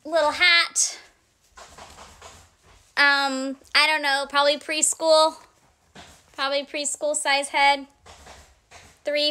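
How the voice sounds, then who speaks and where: Very high-voiced, bright, chatty woman. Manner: chatty, reads out sizes and prices to viewers. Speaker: host of a live clothing sale. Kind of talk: casual live-stream selling chat.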